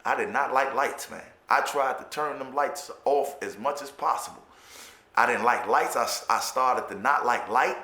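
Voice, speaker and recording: A man's voice: medium pitch, normal speed, sharp tone. A man with a Chicago accent telling his own life story in a candid, profane way, often stammering and repeating words. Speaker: formerly incarcerated storyteller. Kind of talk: candid personal storytelling monologue. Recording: roomy echo.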